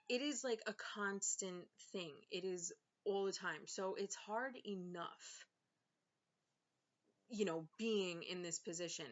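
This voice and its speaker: A young woman vents to her camera at home in a casual vlog, sarcastic and exasperated, leaning on fillers. Her voice sits at an everyday middle pitch. The recording is a little muffled and lo-fi. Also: unhurried. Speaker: vlogger and author. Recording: slightly dull lo-fi sound.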